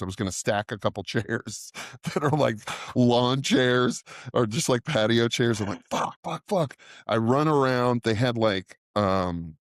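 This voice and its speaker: A man's voice: mid-range voice, no echo, clean studio sound. A middle-aged man co-hosting a podcast, telling a rambling, profane anecdote in casual chat and laughing often. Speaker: podcast co-host.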